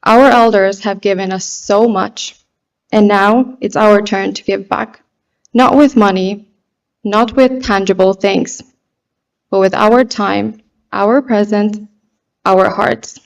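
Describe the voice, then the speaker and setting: Slow, gravelly-voiced woman giving a speech. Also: mid-range voice, fairly even intonation, rough recording. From Finland. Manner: slow, deliberate and heartfelt with rhetorical questions. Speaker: pageant contestant. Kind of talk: prepared stage speech.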